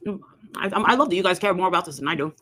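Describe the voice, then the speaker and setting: A woman's voice: lowish voice, animated, rapid-fire, pushed and bright. Rambling woman telling a story. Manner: rambling, acts out quoted voices. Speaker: livestream host telling a story. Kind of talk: casual storytelling.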